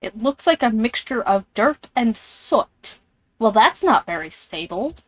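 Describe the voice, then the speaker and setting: A woman's voice: fairly high pitch, very animated, a little slow, no room sound. A woman streamer playing a game, reading its text aloud and reacting with jumpy, scared comments. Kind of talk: live-streamed game playthrough. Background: headphones on, alone in a room.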